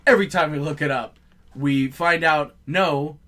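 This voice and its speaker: A man co-hosting a comedy podcast in loose, profane chat. His voice sits a little high and sounds bright. He rambles through anecdotes with lots of laughter. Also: normal speed. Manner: profane, animated storytelling with frequent laughs. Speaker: podcast co-host.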